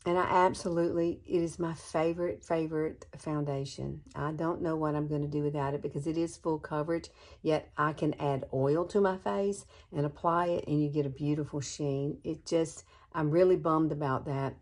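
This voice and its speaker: A woman's voice: sits low, fairly even intonation, normal speed, darkish tone. A woman in her sixties giving a chatty, enthusiastic makeup tutorial to the camera, calling her viewers girlfriends. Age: 60s. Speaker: beauty vlogger.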